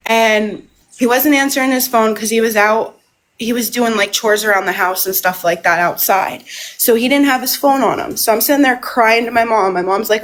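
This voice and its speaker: Woman live-streamer, slightly high voice, rambling and emotional, repeating herself. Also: moderate pace, fairly bright tone, rough recording. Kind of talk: casual live stream monologue.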